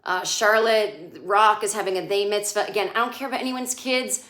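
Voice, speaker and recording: A woman's voice: mid-range voice, normal speed, a bit bright. A middle-aged woman giving a comedic recap of a TV episode, sarcastic and ranting, often mocking the characters' lines. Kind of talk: casual comedic monologue. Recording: echoey room.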